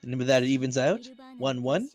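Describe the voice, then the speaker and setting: A man's voice: medium pitch, lively intonation, brisk, a little mellow, faint music behind. A man doing play-by-play commentary on a fighting game tournament, breaking down plays analytically and speeding up when he explains. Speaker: esports commentator.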